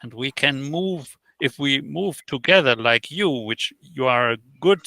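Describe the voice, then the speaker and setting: Gravelly, bright-voiced man telling stories. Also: mid-range voice, no room sound. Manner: halting, with many fillers and restarts; animated storyteller who acts out quoted exchanges. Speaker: interview guest. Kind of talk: casual interview chat.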